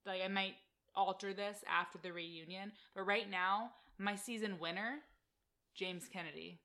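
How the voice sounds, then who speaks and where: A woman's voice: medium pitch, steady tone, unhurried, bright, forceful tone. A young adult woman co-hosting a casual podcast, chatting eagerly about a reality show with lots of "like". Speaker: podcast co-host.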